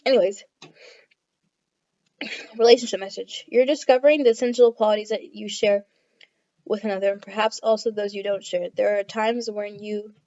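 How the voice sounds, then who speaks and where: A woman's voice: mid-range voice, fairly even intonation, normal speed, pauses often, warm tone. A woman doing a casual tarot reading to camera, reading card texts aloud and chatting with many fillers. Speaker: tarot reader. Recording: dull lo-fi audio.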